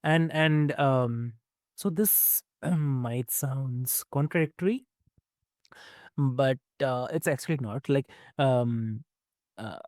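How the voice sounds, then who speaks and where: Male podcast host, mid pitch, halting affirming questions, dry sound. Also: a little mellow, no echo. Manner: hesitant, many fillers, affirming. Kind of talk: interview.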